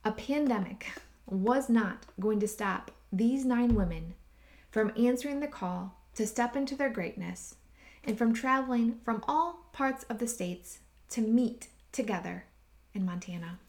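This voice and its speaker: Slow, heartfelt woman podcast host. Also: fairly high pitch, darkish tone. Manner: slow, heartfelt, sometimes dropping to a near whisper. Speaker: podcast host and retreat leader. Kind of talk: reflective personal storytelling.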